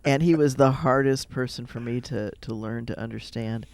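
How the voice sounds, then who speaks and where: Gravelly Midwestern-accented man telling stories. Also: mid-range voice, normal speed, no room sound. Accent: Midwestern American. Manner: rambling storyteller, chatty. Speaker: rabbi, radio guest. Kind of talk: casual radio chat.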